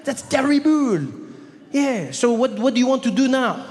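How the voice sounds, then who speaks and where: A man's voice: very high voice, expressive, normal speed, a little mellow, in a large hall, voice pushed up. A man putting on the voice of a laid-back young Parisian clerk with a French accent, upbeat and carefree. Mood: breezy.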